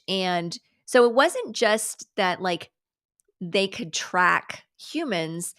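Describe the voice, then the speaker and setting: Woman, middle-aged, livestream host, casual chat, sarcastic, animated, occasional whispered asides, swears. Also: mid-range voice, a little slow.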